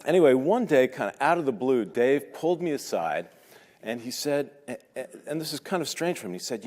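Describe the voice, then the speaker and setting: A man's voice: medium pitch, lively intonation, fairly quick, darkish tone. A man in his fifties telling personal stories at a talk, conversational and hesitant, with self-deprecating humor. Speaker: speaker at a talk. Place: large lecture hall. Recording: long hall reverb.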